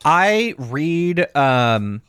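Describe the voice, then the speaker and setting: A man's voice: on the high side, sing-song, very slow, fairly bright tone, smooth, no echo, clean studio sound. A man co-hosting a podcast in casual chat, rambling and laughing as he talks. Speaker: podcast co-host.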